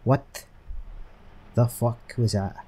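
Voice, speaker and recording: Sweary gamer playing a horror game. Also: male voice, medium pitch, steady tone, extremely slow, mellow, husky. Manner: sweary, jokey, jumpy reactions. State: recovering from a chest infection. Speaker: gaming channel host. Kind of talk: let's play commentary.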